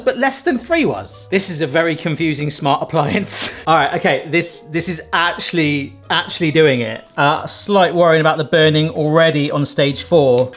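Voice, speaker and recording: A man's voice: on the high side, moderate pace, hardly any pauses, faint music behind. A middle-aged man, talking casually and self-mockingly while testing a toaster in his vlog. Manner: chatty and self-mocking, with excited outbursts. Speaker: video host reviewing a toaster.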